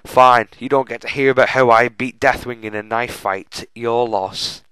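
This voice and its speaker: A man's voice: mid-range voice, fairly even intonation, normal speed, sharp tone, clear, resonant tone, no echo, close to an everyday voice, rough recording. A man voicing a cocky male gnome in a game, bossy and dismissive. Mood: annoyed.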